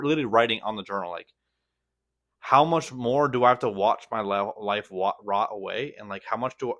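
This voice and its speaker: A man's voice: on the low side, fairly bright tone. A young man talking casually to camera in a vlog, rambling and self-critical, with lots of slang and restarts. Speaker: vlogger.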